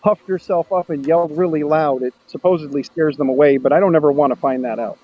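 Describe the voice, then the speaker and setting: A man hosting a casual maker hangout stream, chatting in a loose, rambling way. His voice sits a little high. The audio is muffled and lo-fi. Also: fast, dry recording. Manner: rambling, restarts often. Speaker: host of a maker livestream. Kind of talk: casual chat.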